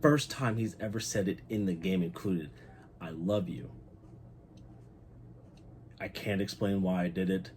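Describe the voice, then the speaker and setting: A young man with a very low voice talks through a TV episode in a loose, excited vlog style. He swears freely and turns heartfelt, and a faint hiss sits under his voice. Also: a little slow, pauses often. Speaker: channel host. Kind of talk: casual episode recap.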